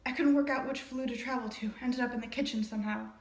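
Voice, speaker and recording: A woman reading aloud as a flustered, scruffy grown wizard, in a quick manner. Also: fairly high pitch, fairly even intonation, recorded from a distance, natural voice. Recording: roomy echo.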